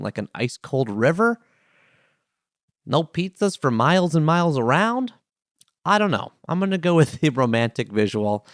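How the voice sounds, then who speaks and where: A man's voice: mid-range voice, no echo, studio quality. A man hosting a podcast, reading listener mail and musing on a word in a playful, enthusiastic way. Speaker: podcast host. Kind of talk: solo podcast segment, reading a letter and explaining a word.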